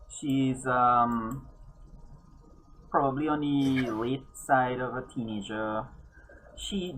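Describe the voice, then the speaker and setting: A woman runs a tabletop game in a very deep voice with lively swings of pitch. She narrates slowly and haltingly, stopping to search for words and correct herself. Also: a little hiss or hum, low-quality recording. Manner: halting, many ums and self-corrections. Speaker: game master.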